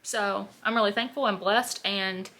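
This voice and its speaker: A young woman in her twenties with a bright, forceful voice chats through her makeup routine in a loose, rambling way. She leans on constant "like" fillers and talks at a middle pitch, in an easy get-ready-with-me vlog style. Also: fairly even intonation, unhurried. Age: 20s. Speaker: beauty vlogger. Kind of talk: casual get-ready-with-me chat while doing makeup.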